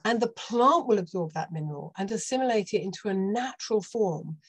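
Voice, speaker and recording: A middle-aged British woman, a doctor, explaining health topics as a podcast guest in a steady, informative way with touches of dry sarcasm. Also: mid-range voice, fairly quick, husky. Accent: British English. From United Kingdom. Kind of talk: podcast interview.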